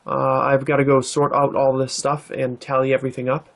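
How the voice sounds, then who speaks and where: Guy narrating a card-opening vlog, laid back, lots of uhs and ums, middle-pitched voice. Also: a little fast, creaky. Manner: relaxed, thoughtful, with many fillers. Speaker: card-opening channel host.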